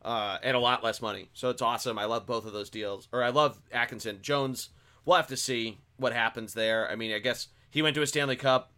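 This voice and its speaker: A man's voice: mid-range voice, fairly even intonation, a little fast, sharp tone. A man hosting a casual sports podcast, talking through the news in a loose conversational way with fillers and restarts. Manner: conversational, with fillers and self-corrections. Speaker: podcast host.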